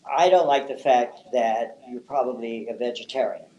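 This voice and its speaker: A man's voice: mid-range voice, moderate pace, warm tone, muffled recording. An older man, a psychic and palm reader, telling rambling anecdotes in an interview and often restarting his words.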